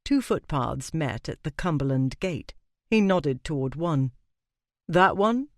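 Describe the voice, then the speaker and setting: Male audiobook narrator, expressive, animated delivery in a dead-dry booth. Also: on the high side, measured pace, no room sound. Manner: expressive storytelling with character voices.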